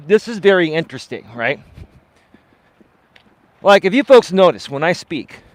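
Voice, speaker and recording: Expressive life coach talking on a walk. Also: male voice. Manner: expressive, swinging pitch up and down, often tags "right?". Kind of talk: live-stream chat answering viewer comments. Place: outdoors on a walk.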